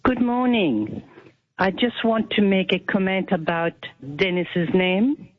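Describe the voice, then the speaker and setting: A man's voice: high voice, animated, slow, no echo. A man from Mauritius, calling in to a radio show and politely explaining something. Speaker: caller. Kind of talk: phone-in call. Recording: dull phone-in audio.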